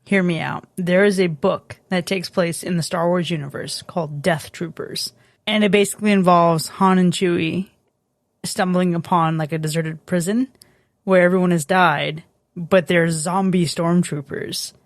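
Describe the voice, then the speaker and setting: A woman's voice: on the low side, moderate pace, dry recording, studio quality. A woman co-hosting a podcast, chatting casually and candidly, swearing now and then. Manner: candid, swears casually, animated when excited. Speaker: podcast co-host. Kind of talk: casual chat.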